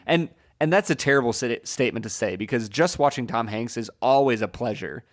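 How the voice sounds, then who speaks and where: A man's voice: mid-range voice, animated, a little fast. A man co-hosting a film podcast, opinionated and joking, often restarting his sentences in casual chat. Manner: opinionated, jokey, repeats words when starting sentences. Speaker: podcast co-host.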